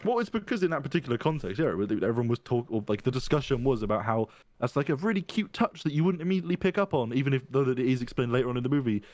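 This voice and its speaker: A man talking quickly in a relaxed podcast conversation, circling and restarting his sentences as he works out what he means. The voice sits at an ordinary middle pitch, and the sound is close and dry. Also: no echo. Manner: rambling, thinks aloud with many restarts. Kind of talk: casual chat.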